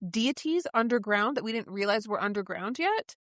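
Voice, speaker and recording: A woman co-hosting a podcast in casual book club chat, thinking out loud about theories with many restarts. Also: on the high side, animated, moderate pace, no room sound, clean studio sound. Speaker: podcast co-host.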